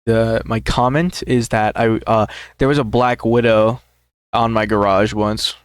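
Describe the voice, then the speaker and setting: A young man co-hosting a casual podcast, telling a story in a halting way with many fillers. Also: lowish voice, fairly even intonation, clear, resonant tone, dry recording, clean studio sound. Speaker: podcast co-host. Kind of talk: casual chat.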